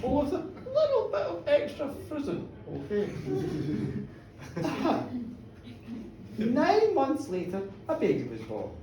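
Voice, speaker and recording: A woman's voice: high voice, wildly swooping pitch, slow pace, pauses often, noisy background. A playful woman tells a darkly funny ghost story to a pub audience, with teasing asides. The mic sits well away, so her voice rings off the room. A faint pub murmur hangs behind her. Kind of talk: live comic horror storytelling. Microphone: room recording from a distance. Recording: echoey pub, heard from far off.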